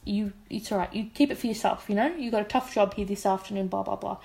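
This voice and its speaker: A woman's voice: medium pitch, quick pace, vocal fry. A young woman in her twenties with an Australian accent, co-hosting a casual podcast chat and acting out the voices in her stories. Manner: animated storyteller who acts out quoted voices. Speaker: podcast co-host.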